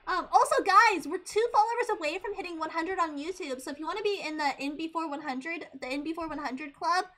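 High, bright-voiced giggly woman streamer. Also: brisk, slight background noise. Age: 20s. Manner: giggly, hyper, gets loud when excited. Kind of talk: casual live-stream chat.

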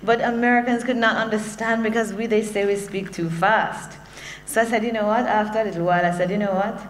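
A woman's voice: medium pitch, steady tone, a little fast. A woman from Jamaica with a Jamaican accent, giving a conversational conference speech as a workshop presenter, with humorous personal asides. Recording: long hall reverb, faint hum.

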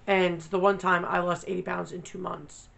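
A woman's voice: fairly low pitch, level tone, normal speed, creaky, fairly bright tone, low-quality recording. A woman vlogger talking candidly, blunt and profane, venting her frustration. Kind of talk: candid personal vlog.

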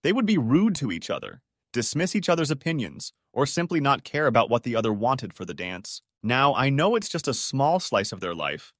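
A man reading online stories aloud as a narrator, with a steady, evenly paced storytelling delivery. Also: mid-range voice, moderate pace, dry recording, studio quality.

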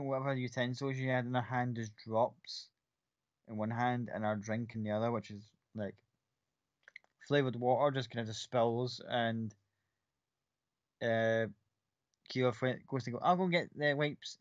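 A man's voice: mid-range voice, little pitch movement, normal speed, long pauses, no echo. A man narrating a tabletop game as game master, rambling with many fillers. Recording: dry, slightly muffled.

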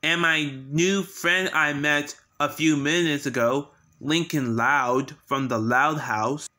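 A man voicing a cheerful young boy tiger from a children's cartoon, in a sing-song, gentle manner. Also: fairly high pitch, fairly even intonation, slow pace. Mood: friendly. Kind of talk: fan imitation of a children's cartoon.

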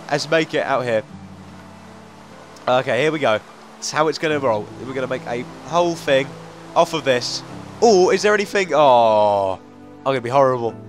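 A young man with a blocked nose, rambling excitedly through let's-play game commentary. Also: mid-range voice. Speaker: gaming video host.

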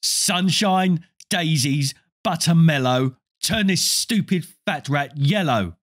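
A man's voice: fairly high pitch, slow pace, a bit bright, no echo, clean studio sound, voice pushed up. A man reading aloud voices a chatty, offhand young boy wizard in a storybook. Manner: casual, offhand. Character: easygoing chatty boy wizard, a bit scornful.

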